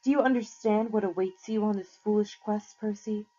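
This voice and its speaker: A woman's voice: mid-range voice, steady tone, mellow, pitched above the performer's own voice, lightly acted. A woman reading aloud and voicing an old female gorgon who speaks in a honeyed, coaxing way. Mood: soothing. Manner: honeyed, coaxing, slow and sugary. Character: sweet-talking old female gorgon, menacing beneath. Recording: slightly muffled lo-fi recording.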